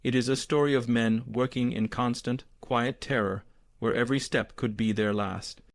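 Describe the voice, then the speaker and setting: A man reads an audiobook aloud in a measured, grave storytelling manner. His voice has an ordinary middle pitch for a man. The recording is dry and close-miked, with no room sound. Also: steady tone, dry recording. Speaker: audiobook narrator. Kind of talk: scripted narration.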